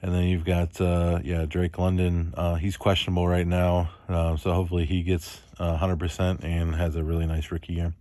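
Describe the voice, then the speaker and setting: A man hosting a fantasy football show alone, talking in a monotone and rambling with many fillers. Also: deep voice, moderate pace, hardly any pauses, no room sound, clean studio sound. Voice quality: monotone, self-described. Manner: rambling, lots of ums and uhs. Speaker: fantasy football league host. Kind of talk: solo casual podcast commentary.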